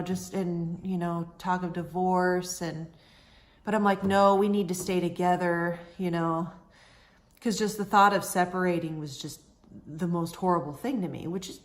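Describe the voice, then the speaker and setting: A woman in her thirties recounts a painful stretch of her life to the camera. Her voice sits a little low, and she talks candidly, leaning on "you know" as she goes. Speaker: vlogger sharing a personal story. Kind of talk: emotional personal storytelling.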